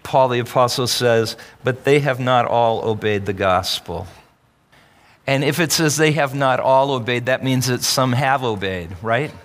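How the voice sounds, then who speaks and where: A man's voice: medium pitch, measured pace. A man, a pastor, preaching an emphatic sermon and calling on the congregation to answer back. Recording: long reverb of a large hall.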